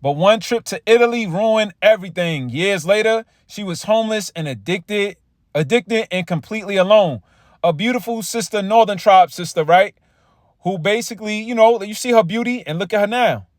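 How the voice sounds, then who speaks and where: High-voiced man preaching casually. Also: no room sound, clean studio sound. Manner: loose and conversational, with frequent "all right" and "right?" and stumbling repeats; reads scripture slowly and with emphasis. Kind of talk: casual sermon with scripture reading.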